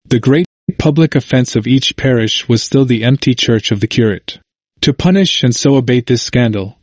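A man reading a history book aloud as a narrator, in a measured, steady way. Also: mid-range voice, no echo, clean studio sound.

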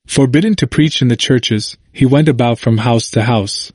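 A man narrating a history book in a measured, even reading. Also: medium pitch, no room sound, studio quality. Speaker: audiobook narrator.

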